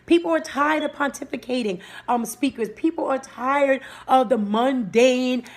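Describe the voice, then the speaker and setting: Woman preaching about goals on a live stream, kinda high voice, upbeat, stops to say hi to viewers. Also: unhurried. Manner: energetic, greets viewers by name mid-talk. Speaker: livestream host and motivational speaker. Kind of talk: live-streamed motivational talk.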